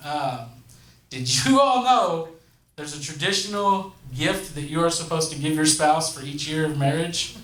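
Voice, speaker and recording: A man's voice: a little high, background noise. A man in his thirties hosting a stand-up set in a comedy club, telling profane, conversational stories on a handheld mic. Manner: profane, conversational storytelling with crowd asides. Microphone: handheld stage microphone. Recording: echoey club room with crowd. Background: audience laughter.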